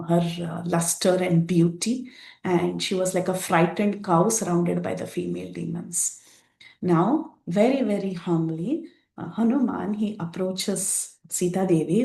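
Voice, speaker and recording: A woman's voice: on the low side, gravelly, a little mellow. A woman teaching a devotional storytelling class, retelling scripture unhurriedly with many fillers. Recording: roomy echo.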